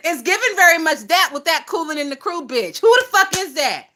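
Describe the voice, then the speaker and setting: High bright-voiced woman gossiping on her livestream, swears a lot and cracks up laughing. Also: brisk. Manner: profane, animated, laughing often. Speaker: livestream host.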